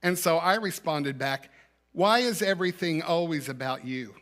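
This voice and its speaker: Man, sermon, conversational storytelling, rhetorical questions, bright tone, church. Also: fairly high pitch, moderate pace. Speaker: minister. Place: church sanctuary.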